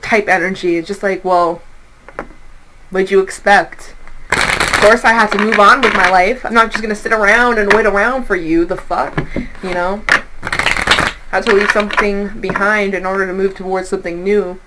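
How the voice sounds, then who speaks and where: A young woman reads tarot cards in a loose, chatty way. She swears freely and throws in lively quoted voices. Her pitch sits in an ordinary middle range. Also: normal speed, noisy background. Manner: animated, profane, acts out quoted voices. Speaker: tarot reader. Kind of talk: casual tarot reading.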